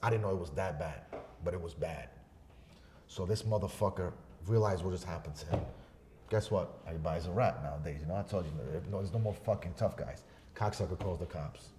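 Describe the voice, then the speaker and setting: A man on a podcast telling a story in a casual, profane way, swinging between loud bursts and hushed asides. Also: sits low, fairly quick, slight background noise. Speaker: podcast guest.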